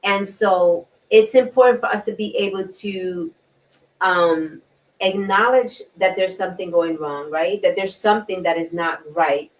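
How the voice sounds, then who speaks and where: A woman hosting a talk show, sharing a personal story in an earnest way, repeating key words and often clearing her throat. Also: on the low side, a little slow. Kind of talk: personal testimony in a panel talk. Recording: distant mic.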